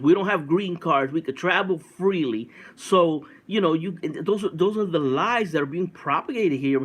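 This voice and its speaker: Middle-aged male vlogger from Puerto Rico, high voice, very animated swings, emphatic direct address. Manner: emphatic, repetitive, talks straight to viewers. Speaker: political vlogger. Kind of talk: casual opinion vlog to camera. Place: home by a window.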